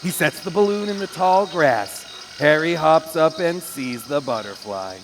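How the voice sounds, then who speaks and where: A man narrating the stage directions at a live staged reading on a theater stage, lively and playful. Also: fairly high pitch, a little slow, slight background noise.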